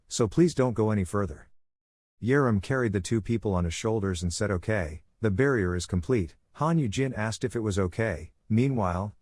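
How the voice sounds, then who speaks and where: A man with a fairly low voice narrates a comic story recap. He reads every line, dialogue and action alike, at the same steady, even pace. The sound is close and dry, with no room echo.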